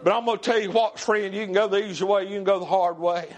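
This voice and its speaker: A preacher whose voice sits unusually high for a man. He preaches with fire to his congregation, rising to shouts and then dropping to an urgent, pleading hush. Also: steady tone, quick pace. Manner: impassioned, swings between shouting and hushed pleading. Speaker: pastor. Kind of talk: fiery revival sermon. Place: church sanctuary before a congregation.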